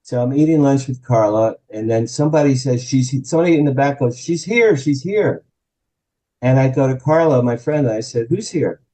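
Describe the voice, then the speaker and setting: A man from New Jersey in his sixties, telling an animated anecdote as a guest on an interview show and acting out the quotes. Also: mid-range voice, fast, few pauses, low-quality recording. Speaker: guest, publicist and author. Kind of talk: storytelling in an interview.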